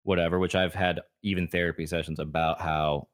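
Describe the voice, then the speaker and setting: A man's voice: deep voice, flat delivery, fairly quick. A man co-hosting a podcast, telling a personal story in a rambling, casual way and acting out the dialogue. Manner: rambling, acts out quoted dialogue. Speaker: podcast co-host.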